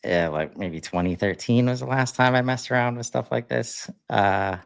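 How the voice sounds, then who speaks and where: A man's voice: mid-range voice, moderate pace, vocal fry, clean tone, no room sound. A man co-hosting a podcast, chatting casually with plenty of fillers and restarts. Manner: relaxed, rambling, lots of fillers. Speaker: podcast co-host. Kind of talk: casual chat.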